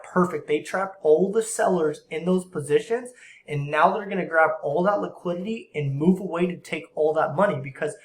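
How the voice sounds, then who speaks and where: Animated young man teaching forex trading. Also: fairly high pitch, roomy sound. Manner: animated, acts out traders and market makers in quick asides; slang-heavy and conversational. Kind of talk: casual screen-share trading tutorial.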